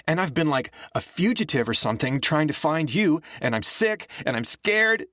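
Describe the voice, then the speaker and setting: A man voicing a frightened, sick teenage girl who bursts out shrill and tearful, in an audiobook reading. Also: lively intonation, measured pace, vocal fry, no echo, exaggerated voice. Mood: furious panic.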